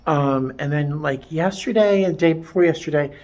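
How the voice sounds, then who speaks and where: A distraught man close to tears, talking haltingly in a personal vlog from a vet clinic, with many restarts. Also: fairly high pitch, a little mellow. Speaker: vlogger. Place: veterinary clinic.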